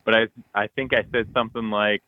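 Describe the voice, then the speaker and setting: A man co-hosting a podcast, telling an excited hunting story full of acted-out quotes and loud bursts. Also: lowish voice, fairly quick, no echo, narrow, tinny audio. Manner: animated, loud bursts, frequent "like", acts out texts and quotes.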